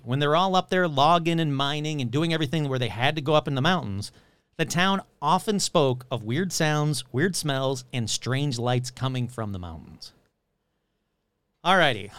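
Brief: lively male host spinning spooky tales, pitch jumping around, slightly high voice, dry close sound. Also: clean tone, no echo. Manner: animated, jokey, quick asides. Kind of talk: casual paranormal storytelling.

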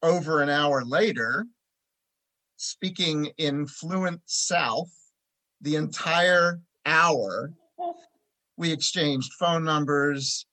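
Chatty storytelling man from Philadelphia. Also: on the high side. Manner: chatty anecdotal storyteller, animated when telling jokes. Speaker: tax preparer, guest. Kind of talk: conversational interview storytelling.

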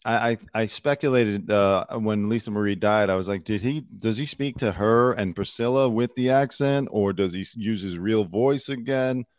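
A man hosts his own commentary show, rambling through opinions with plenty of "like" and "you know". His voice sits on the low side. The sound is dry and close, with no room around it. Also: moderate pace, hardly any pauses, no room sound. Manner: chatty, opinionated, many fillers. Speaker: host. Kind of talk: solo news commentary show. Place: home studio in Los Angeles.

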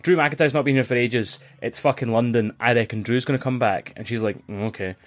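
A man telling a lively story in casual podcast chat, swearing freely and acting out other people's shouts. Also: medium pitch, brisk. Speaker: podcast co-host.

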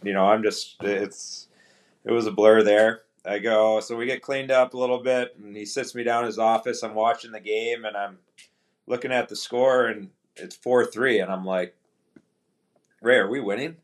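A middle-aged man, a retired hockey player, telling stories as a podcast guest in a relaxed, anecdotal way and acting out quoted dialogue. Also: lowish voice, moderate pace. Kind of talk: casual storytelling interview.

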